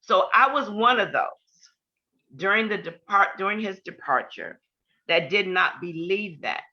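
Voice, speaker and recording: A woman's voice: medium pitch, expressive, measured pace, pushed and bright. An older woman giving an earnest personal testimony in an interview, repeating key points for emphasis. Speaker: guest. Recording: dull lo-fi podcast audio.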